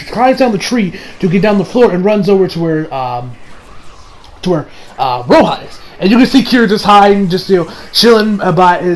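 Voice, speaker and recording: Male reviewer, high pitched, loose rambling delivery with restarts and cursing; faint background hiss. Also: rough recording. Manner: rambling, swears, frequent restarts and fillers. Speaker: anime reviewer. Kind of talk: casual solo review.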